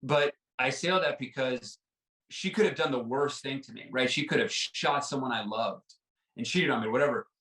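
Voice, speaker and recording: A man's voice: medium pitch, moderate pace, a bit bright, far from the mic. Earnest man telling his story, roomy sound. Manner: earnest, repeats words, many "like" and "right?" fillers. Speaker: podcast guest. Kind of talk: personal storytelling in an interview.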